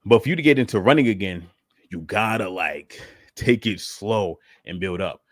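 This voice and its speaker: Casual male fitness host, low voice, dry close sound, chatty and loose. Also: normal speed, dry recording. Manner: relaxed, conversational, lots of fillers like "you know what I'm saying". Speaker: fitness host answering live questions. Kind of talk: casual live Q and A. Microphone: livestream setup.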